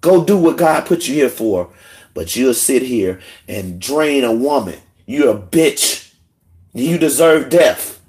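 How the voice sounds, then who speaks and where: A man hosting a livestream, ranting heatedly and emotionally, swinging between low muttering and shouting. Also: lively intonation, slow pace. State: emotional, in tears. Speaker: livestream host. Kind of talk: angry livestream rant.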